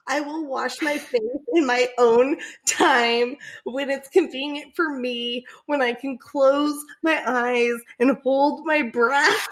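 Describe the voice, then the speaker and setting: A young woman telling a story in casual chat, animated, swearing freely and often laughing. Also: sits high, slow pace, few pauses.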